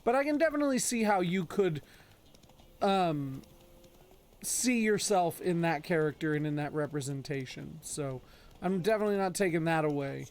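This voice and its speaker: A man's voice: a little high, expressive, normal speed, darkish tone. A man in his thirties streaming a game in casual, joking commentary, scolding his horse.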